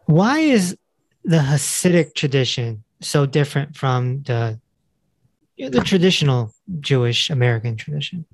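A man interviewing a guest, asking questions and adding comments in a relaxed, plain way. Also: mid-range voice, measured pace. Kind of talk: casual interview.

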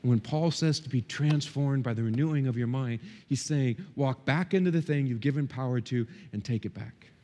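A middle-aged male pastor preaching a sermon in a church, impassioned, swinging between loud peaks and quiet, intimate stretches. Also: mid-range voice, moderate pace, hardly any pauses, big-room sound. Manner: impassioned, rising and dropping sharply for emphasis. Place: church hall.

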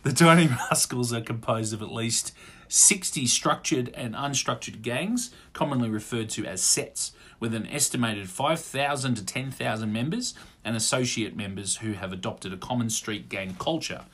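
Man, husky voice, podcast co-host, jokey, casual chat. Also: medium pitch, expressive, normal speed, a bit bright. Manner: jokey, reads facts aloud, does silly voices.

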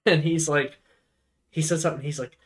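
This podcast co-host, a young man, walks through a movie scene after scene in an easygoing, rambling style, sprinkling in fillers and lines from the film. His slightly high voice stays fairly even in intonation, and he talks a little fast.

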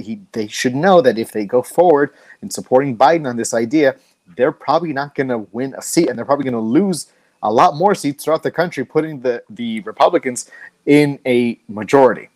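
A man's voice: mid-range voice, darkish tone, dry recording. A man hosting a political talk show, talking conversationally and wryly, with frequent fillers. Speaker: host.

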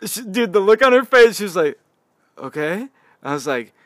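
Animated, fast-laughing young man telling stories. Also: sits high, no room sound, clean studio sound. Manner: animated, laughing, swears freely, says "dude" a lot. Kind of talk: casual chat, animated storytelling.

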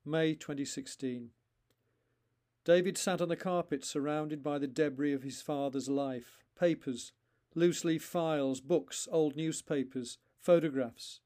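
A man, the author himself, reading his own short story aloud in a slow, deliberate narration with pauses between phrases. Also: fairly high pitch, fairly even intonation, dark tone.

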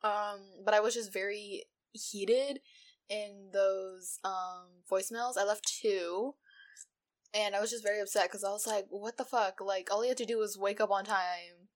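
A woman's voice: medium pitch, fairly even intonation. A young woman co-hosting a podcast, chatting casually and ranting heatedly, swearing freely. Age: young adult. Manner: heated, swears freely, quick indignant rants. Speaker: podcast co-host. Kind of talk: casual chat.

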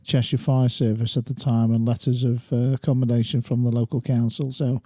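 Mellow, dry-sounding man. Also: mid-range voice, no room sound. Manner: calm, measured, with fillers. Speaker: regular panelist. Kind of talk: casual chat.

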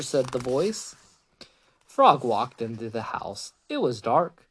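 A woman reads a children's picture book aloud in a gentle, patient way. Her voice is low for a woman, but her intonation moves a lot. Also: big pitch swings, slow pace, slightly rough. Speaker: podcast host reading to a child.

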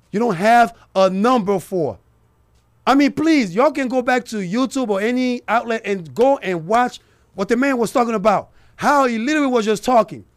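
Man, radio host, high-pitched, gravelly, heated, emphatic, talks straight to listeners. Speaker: radio talk show host. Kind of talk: political commentary monologue.

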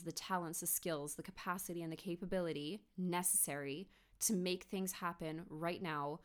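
Earnest woman host with a low voice. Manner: earnest, encouraging, asks rhetorical questions. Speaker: podcast host. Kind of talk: motivational solo podcast. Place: home office.

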